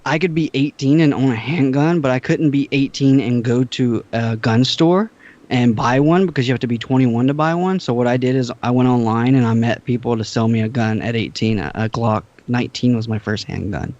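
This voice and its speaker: A young man from Georgia on a casual podcast, telling stories in an animated way and acting out both sides of a conversation. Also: mid-range voice, a little fast. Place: home, California. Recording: dull lo-fi remote audio.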